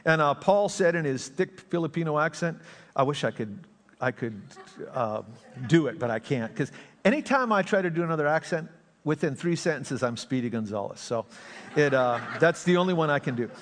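Pastor guy preaching, slightly high voice, jokey storyteller, long church echo. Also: lively intonation, moderate pace. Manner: joking, storytelling, drops voice for asides. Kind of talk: sermon. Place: church sanctuary. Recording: long reverb of a church sanctuary.

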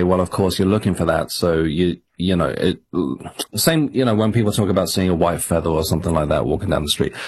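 An English man with a low, husky voice answers a radio host's questions. He speaks casually and reflectively, often restarting his sentences, with a self-deprecating edge. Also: darkish tone. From England. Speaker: guest author.

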